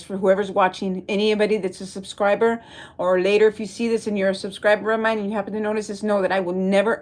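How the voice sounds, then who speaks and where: A woman's voice: mid-range voice, darkish tone. A woman from Texas talking to viewers on a livestream, rambling and emotional, reading and answering the chat as she goes. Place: at home.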